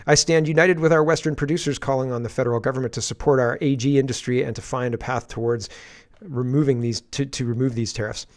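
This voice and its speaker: A man's voice: medium pitch, steady tone, quick pace. A man hosting a daily political commentary livestream, reading posts aloud with sarcastic asides and frequent laughs.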